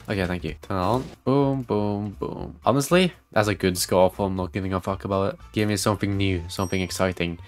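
Low-voiced man swearing through gameplay. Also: a little fast, few pauses, soft background music. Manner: excitable, swears often, reads game text aloud. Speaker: gaming video creator. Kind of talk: gameplay commentary.

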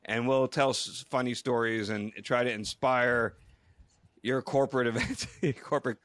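A man's voice: mid-range voice, steady tone, normal speed, a bit bright, smooth, no room sound. A middle-aged man co-hosting a podcast, telling stories casually with stammered restarts and frequent laughs. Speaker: podcast co-host. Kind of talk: casual storytelling chat.

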